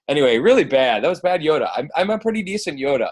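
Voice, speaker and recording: A man's voice: on the high side, sing-song, fast, hardly any pauses. A man hosting a team coaching call, playful and geeky, joking around with many fillers. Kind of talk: casual chat.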